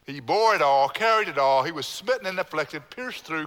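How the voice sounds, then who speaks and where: A pastor delivers a sermon, repeating phrases emphatically and calling on the congregation to say lines back. He sounds animated and fairly bright, on the high side, at a moderate pace with few pauses. The church sanctuary gives a long, hall-like reverb.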